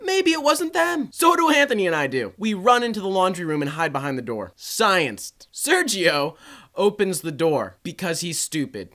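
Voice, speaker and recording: A man's voice: high voice, a little fast. A young man telling a comic story to camera, with lots of swearing, jumping between characters' voices. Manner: animated, profane, jumps into voices of friends. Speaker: vlogger.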